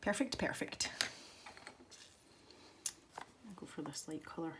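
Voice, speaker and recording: Chatty west-of-Scotland woman, low-pitched. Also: expressive, slow pace, background noise. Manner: chatty and rambling, self-deprecating. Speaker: colouring tutorial YouTuber. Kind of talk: casual chat while colouring.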